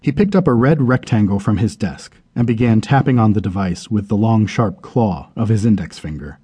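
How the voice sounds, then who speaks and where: A man narrating an audiobook novel in a measured storytelling delivery. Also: on the low side, expressive, dark tone, slightly rough. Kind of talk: scripted narration.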